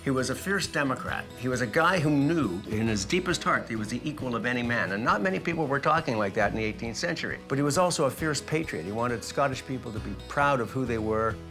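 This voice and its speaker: A man's voice: medium pitch, animated, fast talker, few pauses. A man interviewed as a bagpiper, explaining history in an easy storytelling way. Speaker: bagpiper and guest. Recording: faint music behind.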